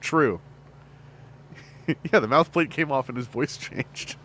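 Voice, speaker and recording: A Canadian man around forty chatting casually on a livestream, animated and laughing often. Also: medium pitch, slow pace, a little hiss or hum. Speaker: streamer host and fan voice actor.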